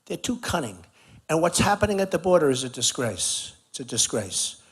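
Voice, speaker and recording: A man delivers a campaign rally speech at an outdoor barbecue. His voice sits a little high, and he talks in an emphatic, conversational way, hammering the same points over and over. He speaks into a podium microphone. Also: sing-song, moderate pace, husky. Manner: repetitive, emphatic, conversational riffing. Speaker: political candidate speaking at a rally.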